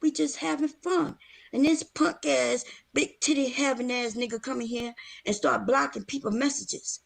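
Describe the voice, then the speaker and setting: Brash, profane woman, slightly high voice. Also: fairly even intonation, normal speed, vocal fry. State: out of breath. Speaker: guest on a livestream. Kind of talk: casual livestream chat.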